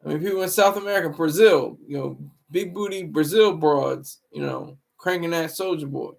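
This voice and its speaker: A man's voice: a little high, normal speed, creaky. A man hosting a live stream, rambling and moralizing in casual commentary, often restarting his words. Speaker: livestream commentary host.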